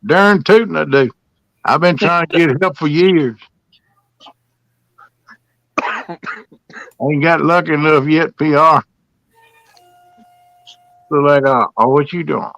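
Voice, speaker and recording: A man's voice: fairly high pitch, takes it slowly, pauses often, a bit bright, dry recording, low-quality recording. A man chatting casually as co-host, joking, laughing and slipping into silly voices. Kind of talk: casual live chat.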